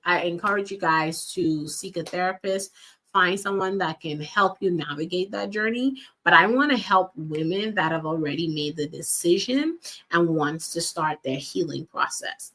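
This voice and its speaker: A woman with a somewhat low voice delivers a faith-based motivational monologue as a life and wellness coach. She speaks earnestly and directly to her listeners, circling back to repeat her key lines. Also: fairly bright tone.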